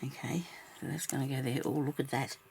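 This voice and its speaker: A woman's voice: rumbling low, brisk, vocal fry, a little mellow, slight background noise. A woman vlogging as she crafts, chatting casually and thinking aloud, laughing often at herself.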